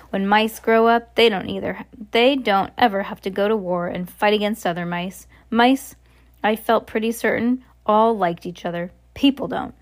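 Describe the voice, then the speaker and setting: A woman reads a children's novel aloud at a medium pitch. Her delivery is plain and unpolished, with the occasional slip and restart. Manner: plain, unpolished reading with small slips and restarts. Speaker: reader.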